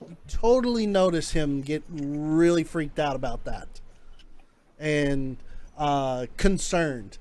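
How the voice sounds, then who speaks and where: Halting man running a tabletop game. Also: a little high, a crowd in the background. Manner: rambling, halting narration full of "uh". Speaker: game master.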